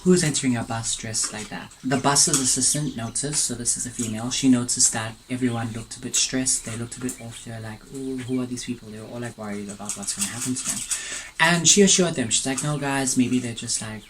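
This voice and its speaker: A man's voice: medium pitch, fairly quick, noisy background. A man casually telling a story between bites of food at home, rambling and drifting into side notes. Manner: rambling, digressive, chatty; eats and tastes food between sentences. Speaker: mukbang vlogger. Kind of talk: casual storytelling while eating.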